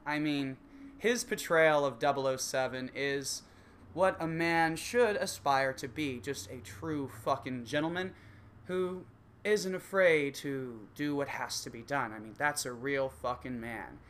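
A man rants in a crude comic monologue, cursing freely and dripping with sarcasm. His bright tone carries a lively, swinging pitch. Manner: crude, sarcastic, swears constantly. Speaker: comedic ranter. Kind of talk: profane comedic monologue.

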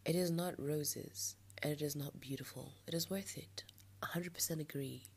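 This young podcast host has a low, gravelly, slightly rough voice and talks at a moderate pace. Her nostril is blocked as she delivers a candid late-night monologue about her own life, frustrated and ranting but breaking into soft laughs.

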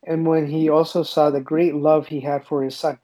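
A man's voice: on the high side, little pitch movement, warm tone, low-quality recording. A man in a casual religious discussion, retelling scripture passages and acting out the quotes with frequent restarts. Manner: paraphrases scripture with acted-out quotes, halting restarts. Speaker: podcast co-host discussing scripture.

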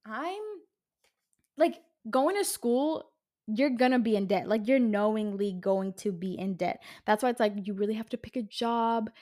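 A woman in her twenties, a podcast host, ranting heatedly in casual talk, swearing and using a lot of fillers. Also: on the high side. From California. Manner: heated, profane, uses lots of fillers. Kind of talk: casual solo podcast rant.

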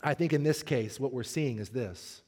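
A man as pastor, preaching a sermon, telling a funny story and then turning earnest and soft. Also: mid-range voice, moderate pace, long reverb tail.

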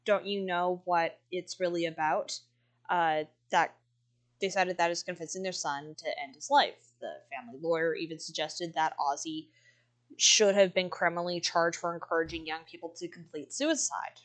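A woman's voice: fairly low pitch, steady tone, moderate pace. A woman co-hosting a podcast in a casual chat, reading from notes with a chatty, easygoing manner. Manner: chatty, laughs often, reads out notes. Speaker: podcast co-host.

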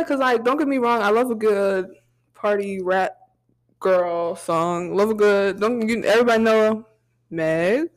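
A young woman co-hosting a casual podcast, full of slang and ready laughter. She holds a mid-range voice and talks over her friends with easy energy. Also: mid-range voice. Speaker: podcast co-host. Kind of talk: casual chat.

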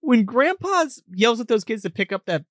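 A woman co-hosting a casual chat, retelling a movie with lots of swearing and quick character voices. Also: a little high, dry recording, studio quality. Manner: animated, swears freely, puts on character voices. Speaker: podcast co-host recapping a movie.

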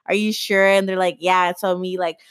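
A woman's voice: on the low side, little pitch movement, moderate pace, smooth, no room sound, studio quality. A young woman in casual chat, telling a long story full of swearing and acted-out quotes.

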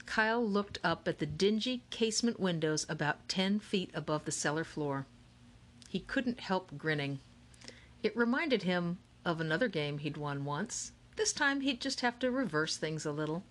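A woman narrating a children's novel in a lively, expressive storytelling manner. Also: on the low side, normal speed. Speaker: audiobook narrator. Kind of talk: scripted narration.

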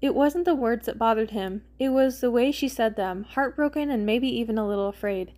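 A woman's voice: a little high, a little fast, a little mellow. A woman podcast host reading fan fiction aloud expressively, acting out the characters' lines.

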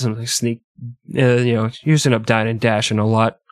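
A man's voice: medium pitch, level tone, brisk, clear, resonant tone, no echo. Man in his thirties, comedic history podcast host, irreverent and swearing, dry close mic. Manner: irreverent, profane, laughs often.

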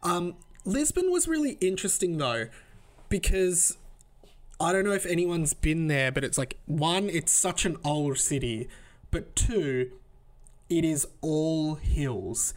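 A young man on his podcast meanders through travel stories slowly, his fairly high voice expressive as he drops plenty of fillers and laughs along at what he's telling.

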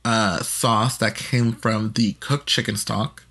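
A man with a somewhat low voice talks in a relaxed, casual chat. He tells stories with playful, animated energy as a podcast co-host. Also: slow, gravelly.

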